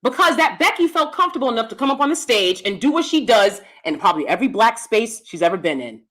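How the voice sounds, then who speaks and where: High, animated American woman ranting. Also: fast talker. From United States. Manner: blunt, combative, profane. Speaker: YouTube commentator. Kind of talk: ranting commentary.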